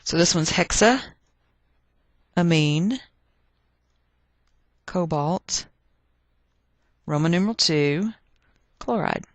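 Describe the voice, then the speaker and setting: A woman's voice: on the low side, slow pace, pauses often, dry recording. A woman teaching a chemistry lesson, chatty and thinking aloud as she works through problems. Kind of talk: recorded chemistry lecture.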